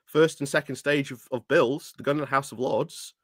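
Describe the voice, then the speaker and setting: A man with hay fever hosts a streamed debate, his voice dry and close with no room around it. He pushes back insistently and often cuts in, his throat rough from coughing. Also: mid-range voice, fairly even intonation, normal speed, no room sound. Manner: interrupting, insistent. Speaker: stream host. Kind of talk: casual political debate.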